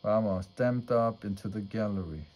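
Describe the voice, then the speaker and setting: A man reading a children's storybook aloud at a measured pace. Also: lowish voice, darkish tone. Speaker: storybook reader.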